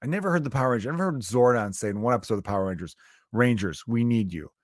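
A man's voice: mid-range voice, very animated, racing, dry recording, clean studio sound. A man in his thirties hosting a comedy podcast, riffing in a profane, joking monologue. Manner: profane, riffing, mock impressions.

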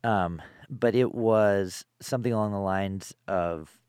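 A man's voice: lowish voice, slow, darkish tone, smooth, no room sound, studio quality. A man interviewing a songwriter, talking things through thoughtfully with many "you know"s. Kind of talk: casual interview chat.

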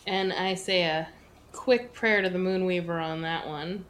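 A woman playing a tabletop game, speaking slowly and thoughtfully as she asks about the scene. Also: lowish voice, fairly even intonation, slight background noise. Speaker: player.

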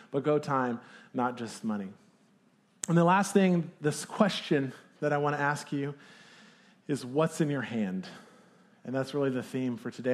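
A man preaching a sermon as pastor, talking in a casual, conversational way with fillers. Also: medium pitch.

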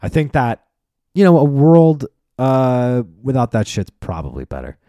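A man's voice: medium pitch, wildly swooping pitch, a little slow, mellow, dry recording, studio quality. A man hosting a solo podcast, ranting profanely and animatedly about his opinions, then reading sign-off plugs. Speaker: podcast host.

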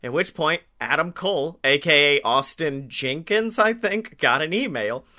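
Man, podcast co-host. High, very bright voice. Loose, profane storytelling, laughs a lot. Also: lively intonation, measured pace. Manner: profane, laughs often while telling stories. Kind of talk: casual wrestling chat.

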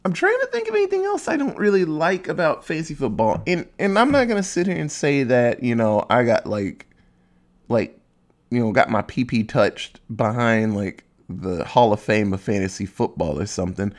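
Young podcast dude ranting, swears a lot, rambles, mid pitch voice, pokes fun at himself. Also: male voice, sing-song. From Ohio, USA. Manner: rambling, profane, self-mocking, acts out quick silly voices. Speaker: podcast host. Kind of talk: casual solo podcast rant.

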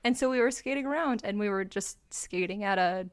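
A woman's voice: medium pitch, brisk, clear, resonant tone. A young woman co-hosting a podcast in casual chat, chatty and filling her speech with "like". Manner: chatty, heavy use of "like", often laughing. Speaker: podcast co-host.

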